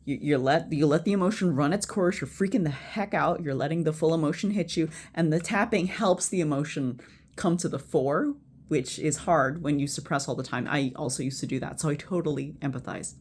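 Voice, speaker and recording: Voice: medium pitch, a little fast, darkish tone. Casual at-home explainer, rambling and blunt, chant-like repetition and frequent restarts. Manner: blunt, occasional swearing. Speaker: healthcare worker teaching a friend. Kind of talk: casual spoken instruction. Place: at home before bed.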